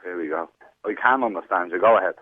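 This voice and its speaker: A man's voice: sits low, fast talker, dry recording. A man with a thick Dublin Irish accent calling a radio show, pressing and challenging as he argues back. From Ireland. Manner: persistent, challenging. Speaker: caller. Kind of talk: heated radio phone-in argument. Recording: tinny phone line.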